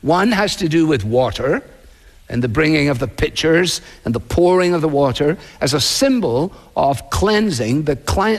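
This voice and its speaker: A male pastor delivering a sermon in a measured preaching manner, slowing down to act out quoted voices. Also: fairly high pitch, long reverb tail.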